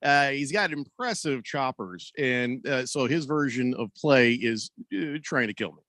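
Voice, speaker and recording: A man hosts a casual sports radio show, joking loosely and sounding a little out of breath as he rambles and restarts through a story. His mid-range voice is expressive and fairly bright at a measured pace, captured dry on a studio microphone.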